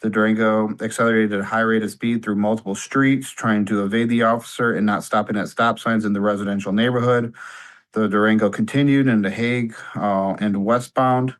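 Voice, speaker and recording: A man's voice: on the low side, steady tone, a little fast, low-quality recording. A man serving as a police detective, giving sworn testimony and reading out facts in a procedural way.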